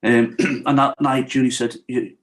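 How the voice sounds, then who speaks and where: A man's voice: mid-range voice, flat delivery, unhurried. Middle-aged guy on a podcast, frank and emotional, keeps saying you know what i mean. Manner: frank and emotional, retells what others said to him. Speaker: podcast guest. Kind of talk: candid personal storytelling in an interview.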